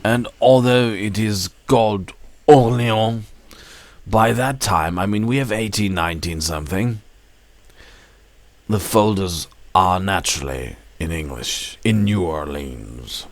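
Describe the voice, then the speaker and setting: Slow, musing man commenting on gameplay. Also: fairly low pitch, no room sound. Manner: musing, talks to himself while playing. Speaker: let's play host.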